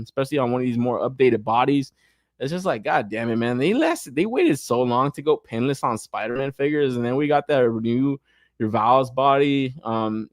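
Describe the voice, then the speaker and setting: A young man hosts a toy podcast in loose, profane chat, swinging between laid-back talk and mock rants full of laughter. His voice sits at a middle pitch, and the recording is close and dry with no room sound. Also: no echo. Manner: profane, animated, frequent laughter. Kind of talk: casual chat.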